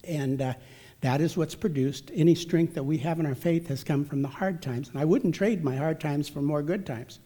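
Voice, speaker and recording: Male speaker, slightly high, mellow voice; folksy, self-mocking storyteller at a church talk. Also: normal speed. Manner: folksy, self-deprecating, chatty. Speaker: speaker at a church family event. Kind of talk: humorous anecdotal storytelling with scripture.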